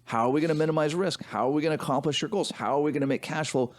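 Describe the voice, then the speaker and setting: A man's voice: on the high side, very fast. A man co-hosting a financial advice podcast, explaining his points emphatically and often checking in with "right?". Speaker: podcast co-host, financial advisor. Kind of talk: casual business podcast chat.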